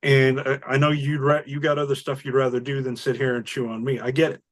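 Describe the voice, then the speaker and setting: A man's voice: medium pitch, a little fast. A man in network support telling a work story in casual chat, swearing freely and acting out what people said. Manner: animated, acts out quoted voices, swears casually.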